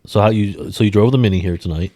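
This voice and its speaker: A man's voice: fairly low pitch, quick pace, mellow, dry recording, studio quality. A man hosting a podcast, teasing his guest with joking asides in casual chat. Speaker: podcast host.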